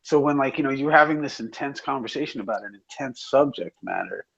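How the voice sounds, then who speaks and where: A man's voice: medium pitch, brisk, gravelly. A man in a casual chat who rambles and swears a lot, with many fillers. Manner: profane, rambling, filler-heavy. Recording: dull lo-fi audio.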